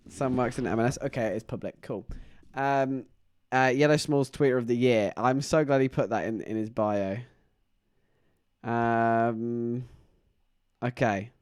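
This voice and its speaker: A man's voice: medium pitch, no room sound, clean studio sound. A man chatting casually on a live stream, rambling through stories and laughing often. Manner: rambling, animated storytelling with frequent laughs.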